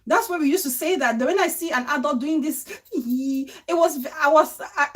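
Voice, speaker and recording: High-voiced woman laughing through commentary. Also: a little slow. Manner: animated, laughs often. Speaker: host. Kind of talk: casual commentary on a clip.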